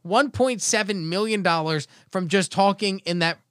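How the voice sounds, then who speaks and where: A man's voice: sits high, normal speed, fairly bright tone, smooth, no room sound, clean studio sound. A man hosting a casual comedy podcast, reading out odd news stories with wry jokes. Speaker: podcast host.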